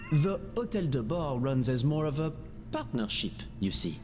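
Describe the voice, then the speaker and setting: An actor playing a courteous male hotel manager in a game, speaking in a polite, measured, formal way. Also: medium pitch, sing-song. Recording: game audio with reverb and music.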